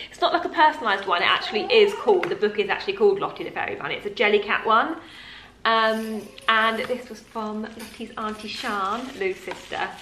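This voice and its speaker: A woman's voice: a little high, fairly bright tone, echoey room, slight background noise. A young woman chatting casually to camera at home, a mum talking in a gushing, rambling way with lots of fillers. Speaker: mum vlogger.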